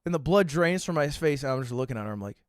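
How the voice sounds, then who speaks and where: A young man spins a casual story, his high voice swinging widely as he gets worked up. He swears freely and mocks himself, and the sound is close and dry with no room around it. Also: quick pace, dry recording. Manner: animated, swears freely, self-mocking. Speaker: online creator.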